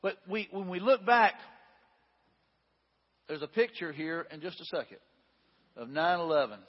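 Pastor preaching in a reverberant hall. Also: male voice, sits high, lively intonation, measured pace, husky. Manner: conversational, folksy asides with restarts. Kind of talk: sermon reading scripture and commenting. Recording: dull sound with long hall reverb.

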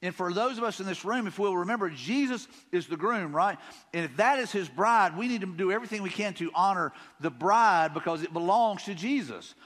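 A man with a Southern drawl preaches in a casual, folksy way, often circling back over the same words. His voice sits high for a man. The sermon is heard in a church sanctuary with a long, ringing reverb. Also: lively intonation, a little fast, a bit bright. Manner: conversational, folksy, repeats himself, paraphrases scripture casually. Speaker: pastor.

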